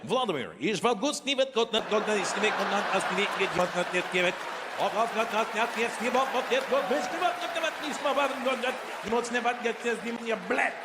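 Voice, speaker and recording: A man putting on a mock Russian voice, rattling off a stream of nonsense words that climbs higher and higher. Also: a little fast, a loud crowd, heavy background noise. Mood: excited babble. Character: babbling mock Russian man, rapid and guttural. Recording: echoey hall with loud ambience.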